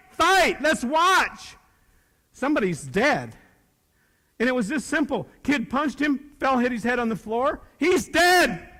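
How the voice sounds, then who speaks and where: A man in his sixties, a retired teacher, gives a folksy, plainspoken talk to high school students, swinging from loud to hushed. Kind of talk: motivational speech to students. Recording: long reverb of a large hall.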